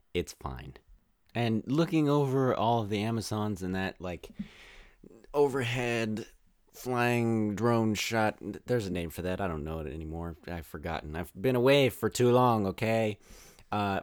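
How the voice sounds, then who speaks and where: Rambling low-voiced man reviewing a film. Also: clear, resonant tone, no room sound, clean studio sound. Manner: rambling, exasperated, animated rants. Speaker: podcast host reviewing a film. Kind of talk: casual spoilery film review.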